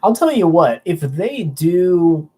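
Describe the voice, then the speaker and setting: A young livestream host speaks slowly in a fairly high, mellow voice that's slightly rough and swings widely in pitch. He rambles chattily through viewer comments, restarting often as he stumbles.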